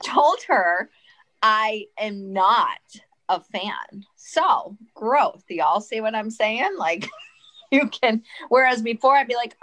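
Candid, expressive woman co-host. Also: medium pitch, measured pace, a little hiss or hum. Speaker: podcast co-host. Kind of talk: casual chat.

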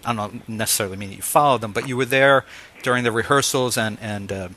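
Bright-voiced man hosting an interview. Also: mid-range voice, quick pace, slight background noise. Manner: animated storyteller, laughs often. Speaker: host. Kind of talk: casual interview chat.

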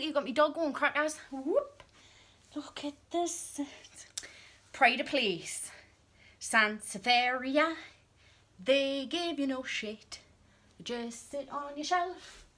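Excitable high-voiced woman. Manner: excitable and cheeky, swinging between gushing and hushed asides. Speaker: vlogger. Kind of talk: casual vlog chat.

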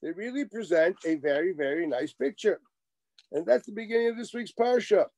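Animated, high-voiced man lecturing. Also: a little fast, dry recording. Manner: animated, wry asides, acts out quoted exchanges. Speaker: rabbi lecturing. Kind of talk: Torah lecture.

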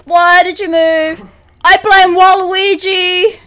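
A woman's voice: extremely high pitch, level tone, slow pace, fairly bright tone. A woman streaming a horror game live, panicking, yelping and muttering repeated phrases under her breath. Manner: panicky, yelps and shrieks, nervous chatter. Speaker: gaming streamer.

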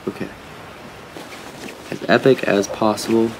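A man's voice: lowish voice, lively intonation, measured pace, gravelly, long pauses, noisy background. A young man giving casual, rambling commentary while he plays, chatting to his viewers and to the animals in the game. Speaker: gaming YouTuber.

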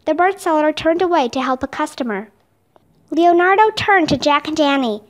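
High, lively woman reading a story. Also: normal speed. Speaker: storybook reader. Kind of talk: children's book read aloud.

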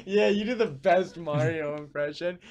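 A man hosting casual let's-play banter, excitable, swearing a lot and crying out at his losses. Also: high voice, normal speed. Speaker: channel host.

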